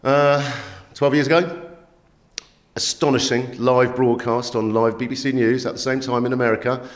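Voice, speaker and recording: A man, a magazine editor telling stories in an animated interview, emphatic and streetwise, often checking in with "yeah?" and "right?". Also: medium pitch, moderate pace. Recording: echoey room.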